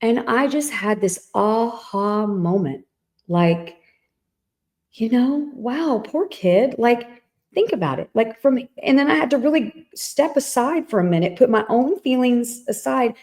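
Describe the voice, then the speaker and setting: A middle-aged woman co-hosting a podcast, telling a family story in a casual, animated way and acting out the voices in it. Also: fairly high pitch, unhurried. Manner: animated storyteller, acts out quoted dialogue. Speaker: podcast co-host.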